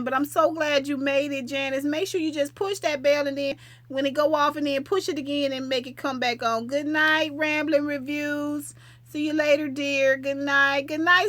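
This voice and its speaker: A bright, slightly high woman's voice rambling warmly through a late-night livestream. She talks casually and fondly to her viewers, drifting from topic to topic. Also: no room sound. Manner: chatty, affectionate, rambling. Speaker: livestream host.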